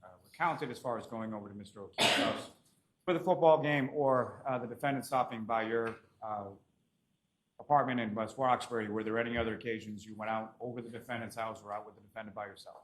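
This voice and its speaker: A man with a Boston accent questions a witness in a formal, polite way as a prosecutor, pausing often on "uh". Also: fairly low pitch, steady tone, slight background noise. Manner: formal, polite, with frequent "uh" pauses. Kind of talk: courtroom examination.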